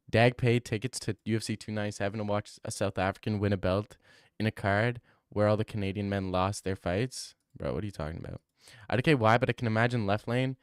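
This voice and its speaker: A man's voice: on the low side, dry recording, clean studio sound. A young man streaming, reading chat aloud and reacting in casual, slangy talk, often saying bro. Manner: laughing, slangy, says bro a lot.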